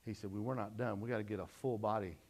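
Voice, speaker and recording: Middle-aged man, pastor giving a sermon; lower voice, folksy testimony, dynamic swings. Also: steady tone, fast talker. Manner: folksy storytelling testimony, swings from loud to hushed.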